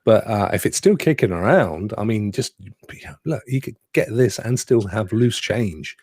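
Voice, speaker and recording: A chatty man co-hosting a live gaming show, his lowish voice gravelly with a fry at phrase ends. He swings his pitch freely as he talks, and the recording is dry and close with no room sound. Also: expressive, normal speed, a little mellow, no echo. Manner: chatty, laughing, rhetorical asides. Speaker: podcast co-host. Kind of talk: casual live stream chat.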